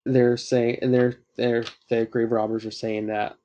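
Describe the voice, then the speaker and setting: Podcast host: a man with a warm, relaxed voice, chatty and meandering as he recaps a plot. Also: medium pitch, measured pace, dull audio. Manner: rambling with frequent uh fillers. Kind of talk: casual chat recapping a comic.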